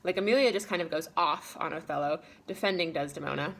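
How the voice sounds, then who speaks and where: A woman's voice: sits low, quick pace, a bit bright. Chatty woman teaching a casual lesson. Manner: chatty and informal, with many fillers, paraphrasing characters in quoted lines. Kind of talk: casual spoken lesson summary.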